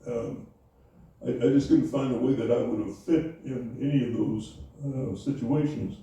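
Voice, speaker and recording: An older man recalling his Navy years in an oral history interview, speaking haltingly with many fillers and restarts. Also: mid-range voice, steady tone, mellow. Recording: echoey room, voice from far off.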